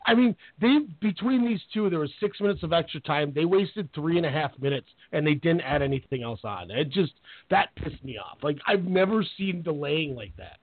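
Animated sports radio host, tinny line. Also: male voice, on the high side, moderate pace. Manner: animated storyteller, acts out players with quoted voices. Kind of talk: casual sports radio chat. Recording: tinny phone-line sound.

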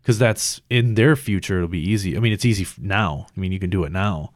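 Man, low voice, rambling profane chatter, dry recording. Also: a little fast, dry recording. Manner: rambling, profane, many fillers. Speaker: conversation partner. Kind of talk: casual chat.

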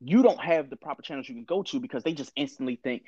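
A man's voice: mid-range voice, expressive, quick pace, a little mellow, dry recording, lo-fi sound. A man in his thirties with a candid, profane storytelling manner, talking in a casual conversation.

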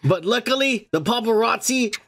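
A man's voice: very high-pitched, expressive, moderate pace, gravelly, fairly bright tone. A man hosting a podcast, trading crude, joking banter full of profanity. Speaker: podcast host. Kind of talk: casual podcast chat.

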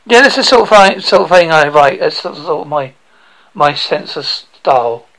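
A man's voice: on the high side, animated, moderate pace, creaky, fairly bright tone, poor audio. A man hosting a podcast, reading his own short horror story and chatting, rambling with frequent restarts. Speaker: podcast host.

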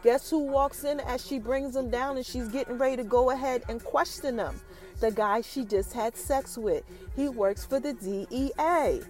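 A woman hosting a podcast, recapping an episode in an animated casual chat that talks straight to her listeners. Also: a little high, normal speed. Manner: animated, addresses listeners directly as y'all. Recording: light background music.

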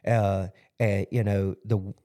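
Slow and flat, a man's lowish, dark voice walks through a casual podcast recap of his own sermon. He's a pastor, and his talk rambles, filled with repeated "you know" fillers.

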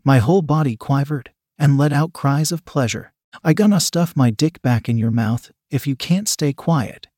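Mellow-voiced man reading a story. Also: mid-range voice, no echo, studio quality. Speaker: narrator. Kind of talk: first-person erotic story reading.

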